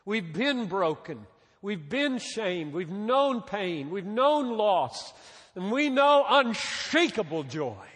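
A man preaching a sermon as a pastor, with dramatic pauses, dropping soft and then rising again. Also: sits high, very animated, slightly rough. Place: large church hall. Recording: reverberant hall.

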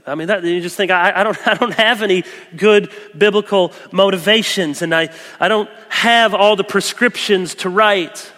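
A man preaching a sermon as pastor, animated, swinging between loud emphasis and soft, gentle quoted asides. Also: sits high, normal speed, few pauses. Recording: long echoey church hall.

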